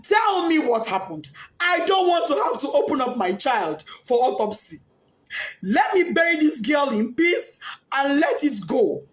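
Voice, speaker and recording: A grieving Nigerian mother with Yoruba as her first language, giving an impassioned, tearful statement and often shouting as she pleads. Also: fairly high pitch. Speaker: bereaved mother. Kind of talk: emotional personal statement.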